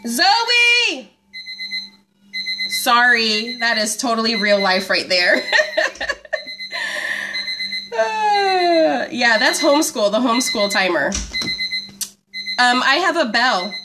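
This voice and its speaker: Woman host of a live homeschool stream, high and lively voice, chatty and giggly, phone mic at home. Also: slow, long pauses. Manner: chatty and bubbly, laughs often, reads out viewer comments. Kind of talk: casual live-stream chat. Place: at home, indoors.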